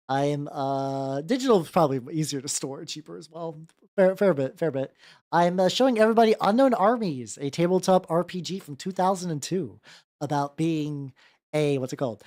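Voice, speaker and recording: A streamer chatting casually about a tabletop game, rambling off on tangents, restarting sentences and swearing freely. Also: mid-range voice. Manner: greets chat viewers mid-flow. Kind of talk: casual live-stream chat.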